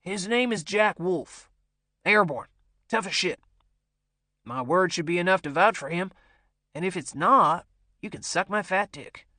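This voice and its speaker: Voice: mid-range voice, animated, a little slow, pauses often, sharp tone, no echo. A narrator doing a cocky ex-army man with a crude, swaggering drawl. He sounds reckless and amused, pushy in a dry audiobook read. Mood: brash.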